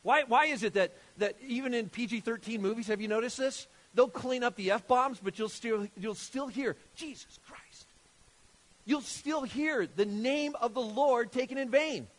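A man preaching a sermon from scripture, animated and emphatic, firing rhetorical questions at his listeners. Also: very high-pitched, moderate pace, hardly any pauses.

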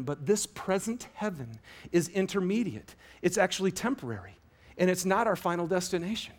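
Pastor, male, higher-pitched voice, animated sermon delivery that swings from loud emphasis to near-hushed lines. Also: normal speed. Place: church auditorium with a congregation.

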